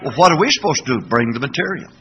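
An older man preaching a sermon as pastor, asking the congregation to call back answers and breaking into shouts. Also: medium pitch, very fast, lo-fi sound. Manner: animated preaching with call-and-response questions; sudden shouting bursts.

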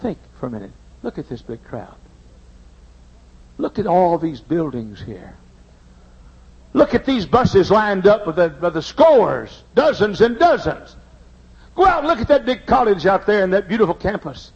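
A middle-aged male pastor from Texas, preaching from a pulpit in a large church, swinging from hushed confession to shouted preaching. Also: a little high, sing-song, normal speed, long pauses, breathy edge. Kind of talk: emotional sermon storytelling. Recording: muffled lo-fi sermon tape.

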